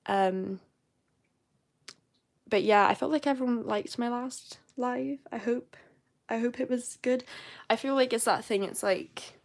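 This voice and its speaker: A woman's voice: a little high, a little slow, vocal fry, long pauses. A young woman with a posh southern English accent, chatting casually and rambling as host of a live stream. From southern England.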